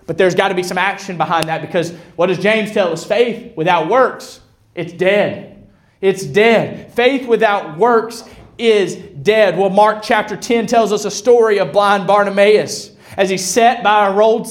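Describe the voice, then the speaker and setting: A male pastor preaching a sermon in church, building to loud, bold passages with dramatic pauses. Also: high voice. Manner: self-described introvert. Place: church sanctuary.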